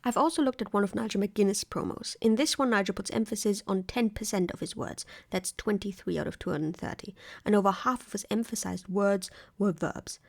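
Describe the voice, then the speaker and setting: A woman reads a scripted video essay in a clear, analytical voice, with a wry edge now and then. Her delivery is plain and conversational. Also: medium pitch, a little fast, darkish tone.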